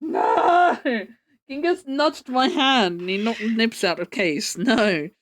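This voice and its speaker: Animated woman streamer, high voice. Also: measured pace. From United Kingdom. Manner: rambling, filler-heavy, swears casually. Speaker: live streamer. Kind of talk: casual livestream chat.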